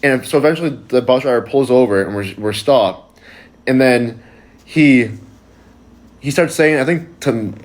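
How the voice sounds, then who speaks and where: A young man tells a story in a loose, casual way, stumbling over restarts and leaning on "like" in almost every phrase. His voice sits at an ordinary middle pitch for a man. He talks straight to his viewers. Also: unhurried, long pauses. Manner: rambling, heavy use of "like" fillers. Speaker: storyteller on social video. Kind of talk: casual anecdote.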